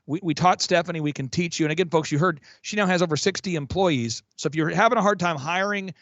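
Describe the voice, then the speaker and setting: A man working as a business coach, talking in an energetic, emphatic way with frequent restarts on a podcast. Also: a little high, fast talker, no room sound, dull audio. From Oklahoma. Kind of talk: fast promotional podcast talk.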